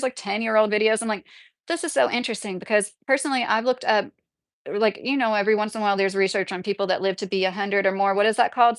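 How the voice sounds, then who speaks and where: Here a livestream host rambles through casual chat with her viewers, packing in "like" after "like." Her voice sits mid-range, and the sound has no echo.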